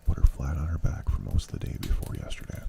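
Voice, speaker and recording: A man's voice: quick pace, very noisy, close to an everyday voice. A man reading as a weary cultured Southern warden. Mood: weary, worried. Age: 50s. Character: older male prison warden, weary and gentle. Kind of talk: ASMR audiobook reading. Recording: steady keyboard clicks behind.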